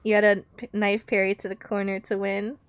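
A woman live-streaming a video game, chatting casually and excitably, swearing and talking to herself. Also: mid-range voice, brisk, smooth, dry recording.

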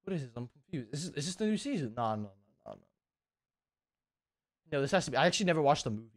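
A man's voice: on the high side, big pitch swings, very fast, no echo, clean studio sound. Tired young man rambling with cusses. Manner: rambling, heavy cussing, self-deprecating. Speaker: YouTuber. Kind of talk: casual unedited vlog chat.

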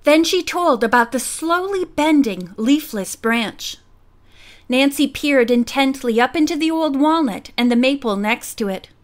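High-voiced woman reading a story. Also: lively intonation, measured pace. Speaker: audiobook reader. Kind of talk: scripted narration.

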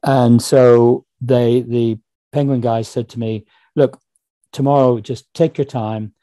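A man with a Northern Irish accent, a guest author on a podcast, telling stories quickly and animatedly and slipping into voices when he quotes people. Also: medium pitch, dry recording. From Northern Ireland. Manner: quick, animated storytelling, slips into voices when quoting others. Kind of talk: casual interview chat.

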